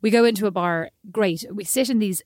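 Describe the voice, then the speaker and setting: An Irish woman telling a long, animated, self-mocking story in casual chat, often slipping into quoted voices. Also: mid-range voice, brisk, no room sound, clean studio sound. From Ireland.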